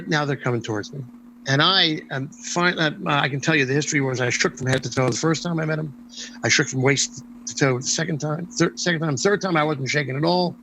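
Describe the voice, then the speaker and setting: An older man recounts stories in an interview, voice sitting a bit high for a man. He slips into the voices of the people he quotes as he goes. A faint hum sits under the recording. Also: poor audio. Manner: animated storyteller, acts out quoted dialogue. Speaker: interview guest. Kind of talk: storytelling anecdotes in a casual interview.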